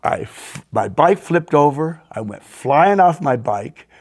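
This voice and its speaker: Gravelly man telling animated stories. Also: a little high, takes it slowly. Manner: animated anecdotes, sound effects. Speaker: podcast host. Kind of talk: casual storytelling.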